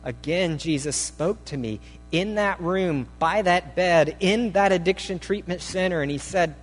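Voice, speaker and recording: A man's voice: high voice, measured pace. Guy reading a testimony out in a sermon, earnest and dramatic, long church-hall echo, faint hum behind. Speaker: preacher. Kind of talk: sermon, reading a testimony aloud in first person.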